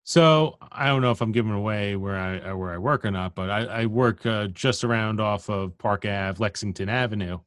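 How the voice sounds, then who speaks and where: A man's voice: fairly low pitch, moderate pace, few pauses, a bit bright, smooth, no echo. Laid-back man in a dry room. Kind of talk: casual conversation.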